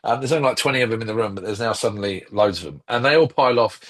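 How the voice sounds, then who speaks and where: A man's voice: fairly low pitch, racing, fairly bright tone. A man co-hosting a film podcast, chatting casually and rambling with lots of ums and restarts. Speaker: podcast co-host. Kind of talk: casual film review chat.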